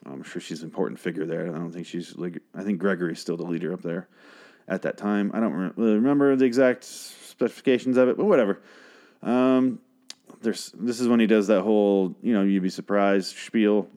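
A man giving a casual, profane recap of a TV episode, rambling with crude asides and quick impressions of characters. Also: fairly low pitch, dark tone. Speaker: show recapper.

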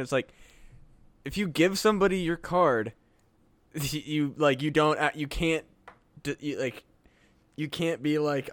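A man co-hosting a podcast, chatting in a halting, casual way. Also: a little high, dry recording. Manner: chatty, halting, laughs mid-thought. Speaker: podcast co-host. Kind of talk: casual chat.

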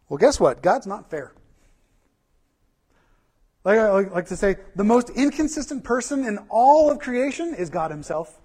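A male pastor preaching a sermon, animated, with repeated lists and rhetorical questions. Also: high voice, moderate pace.

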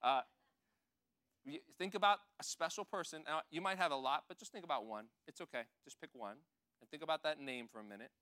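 A man giving a gentle, conversational sermon, talking to the children and the adults in the congregation. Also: fairly high pitch, fast, smooth. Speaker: pastor. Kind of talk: children's sermon with audience participation.

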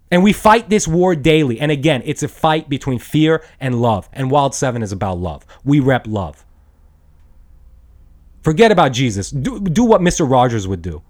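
Thirties male podcast host, angry solo rant, profane, swings between shouts and low mutters. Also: very animated, moderate pace. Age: 30s.

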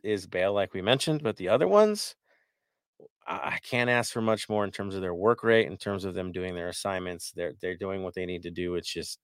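Low-voiced man hosting a sports panel. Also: a bit bright, clean tone, no room sound, clean studio sound. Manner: rambling, lots of fillers and restarts. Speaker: podcast host. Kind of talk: casual sports talk panel.

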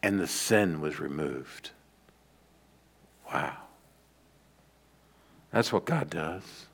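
A middle-aged male pastor preaching with a slow, deliberate delivery. His pitch rises and falls widely as he swings between loud declarations and hushed, dramatic lines. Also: expressive, gravelly, slightly rough. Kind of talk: sermon.

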